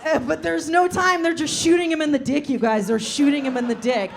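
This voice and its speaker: A young woman doing stand-up, telling a story with lots of laughter and shouted voices. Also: high voice, fairly even intonation, fairly quick, creaky. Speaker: stand-up comedian.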